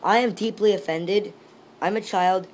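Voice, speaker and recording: A woman's voice: medium pitch, measured pace, background noise. A woman vlogger in playful casual chat, joking and mocking herself as she tries out voice effects.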